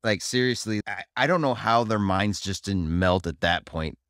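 A man co-hosting a podcast in casual chat, chatty and quick to react. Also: lowish voice, fairly bright tone, no room sound, clean studio sound. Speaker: podcast co-host.

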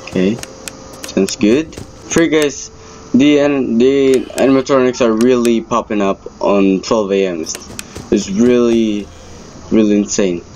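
Slow-talking jumpy gamer man. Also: medium pitch, darkish tone, slight background noise, low-quality recording. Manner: jumpy, exclaiming, easily startled. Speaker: gamer playing a horror game. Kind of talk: let's-play gaming commentary. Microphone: headset.

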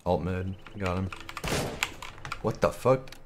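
A young man streaming a shooter game in casual chat, joking and swearing, now and then bursting into yells. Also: deep voice, takes it slowly, heavy background noise.

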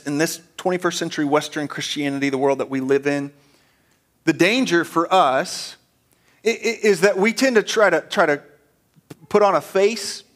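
A man's voice: high-pitched, fairly bright tone. A male pastor giving an earnest, conversational sermon, often stammering and repeating his words.

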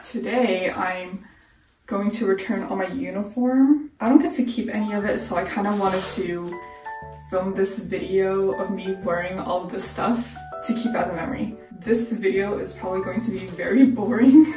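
A woman's voice: mid-range voice, normal speed, dark tone, echoey room, far from the mic. A woman in her twenties talking casually to camera in a candid, chatty and slightly anxious way. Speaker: vlogger. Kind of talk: casual vlog talk to camera. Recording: music playing underneath.

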